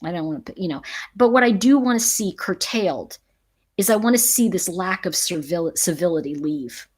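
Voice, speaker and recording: A woman's voice: fairly low pitch, expressive, moderate pace, slightly rough. Middle-aged lady chatting live with her viewers, emphatic, laughs a lot. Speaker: livestream host. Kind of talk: casual live chat with viewers.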